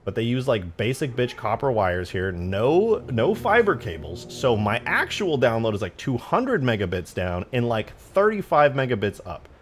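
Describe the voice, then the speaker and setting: A man's voice: medium pitch, slight background noise. A man in his twenties chatting casually on a live stream, rambling and swearing through slangy stories. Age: 20s. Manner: rambling, profane storytelling with slang.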